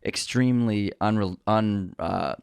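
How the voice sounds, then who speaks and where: A man's voice: fairly low pitch, slow pace, vocal fry, smooth, dry recording, clean studio sound. A man co-hosting a podcast in casual chat, agreeable, running the segments and handing out scores. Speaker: podcast co-host.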